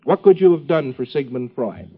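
A man's voice: medium pitch, expressive, moderate pace, breathy edge. A man giving an informal lecture to a class, rambling with joking asides and many fillers. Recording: dull lo-fi old tape recording.

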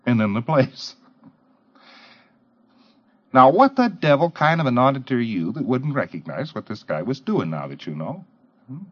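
A man lectures with a lively, swooping pitch, firing off rhetorical questions and mimicking others in bursts. The sound is dull and lo-fi, like an old tape recording. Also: normal speed, long pauses. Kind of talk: lecture to trainee auditors.

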